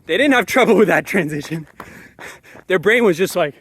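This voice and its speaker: Male commentator, high-pitched, animated and emphatic solo monologue. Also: normal speed, long pauses, breathy edge. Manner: animated, emphatic, repeats phrases for effect. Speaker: parenting commentator. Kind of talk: solo ranting monologue to camera.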